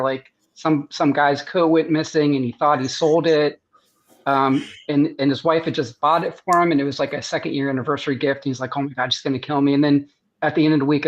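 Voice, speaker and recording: An American man, a guest artist and surgeon, telling stories in a rambling way with many restarts on a video-call podcast. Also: on the high side. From United States. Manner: rambling, restarts often, laughs at his own stories. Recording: muffled lo-fi sound.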